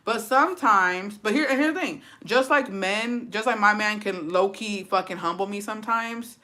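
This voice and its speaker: A woman's voice: medium pitch, moderate pace, bright, forceful tone. A woman casually telling a story on her livestream, brash and profane, slipping Spanish phrases into her English. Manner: brash, profane and sassy, calling listeners "bitch" and "besties". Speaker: livestream host.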